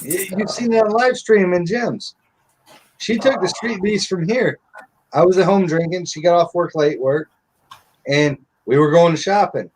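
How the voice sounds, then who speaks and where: A man's voice: high voice, measured pace, darkish tone, a little hiss or hum. A middle-aged man telling stories in casual live-stream chat, blunt and profane.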